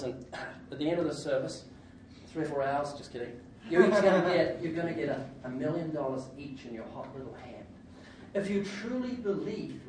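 A male preacher delivers a sermon, full of jokes and his own laughter, sometimes rising into loud bursts. He is heard from some distance, and his voice rings around a large church hall. A faint hiss sits under the whole recording. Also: a little high. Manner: jokey, laughs often, sudden loud outbursts. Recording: echoey hall, distant mic, faint noise.

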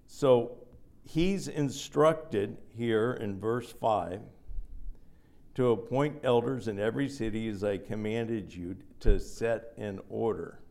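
A man's voice: medium pitch, creaky, darkish tone. A man preaching a sermon in a teaching manner, often putting a question to the listeners and answering it himself.

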